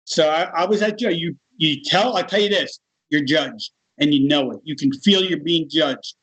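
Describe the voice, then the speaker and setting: A man's voice: a little high, normal speed, husky, low-quality recording. A middle-aged man telling a personal story in casual conversation, acting out the voices of the people in it. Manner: animated, acts out other people's voices in his stories. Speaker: guest.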